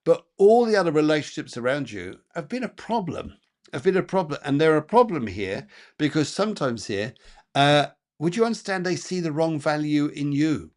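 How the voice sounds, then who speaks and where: A man's voice: on the high side, animated, moderate pace. A man working as a psychic medium, giving rambling, chatty live card readings with lots of fillers and repeated phrases.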